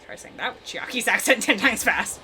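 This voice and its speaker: Excitable giggly woman gamer. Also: fairly high pitch, a little fast, soft background music. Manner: excitable, giggly, gushing reactions. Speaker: gaming YouTuber. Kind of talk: let's play commentary.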